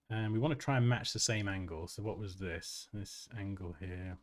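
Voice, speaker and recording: A man with a fairly low voice talks through a design tutorial on a live stream. He is chatty and self-mocking and breaks into laughs between steps, speaking close to a desk mic. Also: normal speed, hardly any pauses. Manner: chatty and self-mocking, laughs often, reads out chat comments. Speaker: design tutorial livestream host. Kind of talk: casual live tutorial chat.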